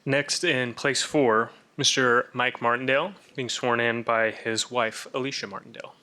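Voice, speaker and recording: A man with a bright, clear voice introduces board members at a public meeting before they take their oaths. His delivery is friendly and brisk, with a few fillers along the way. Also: medium pitch, steady tone.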